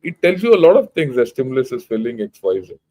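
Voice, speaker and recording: Here the retired general hosting his channel sounds warm and sing-song, with a mid-range pitch and quick pace. The older man speaks Indian English, delivering news and informal commentary in a blunt, emphatic manner with many restarts.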